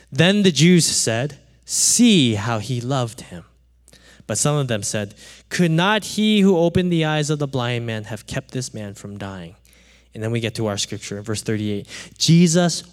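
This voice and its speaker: A man's voice: high voice, long reverb tail. A man preaching a sermon, explaining scripture in a conversational way and often checking in with "right?". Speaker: pastor.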